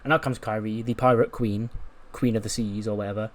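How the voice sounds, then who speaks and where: A man's voice: on the low side, steady tone, brisk. A young man casually narrating a game playthrough in a rambling, offhand way, swearing now and then. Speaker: let's-play narrator.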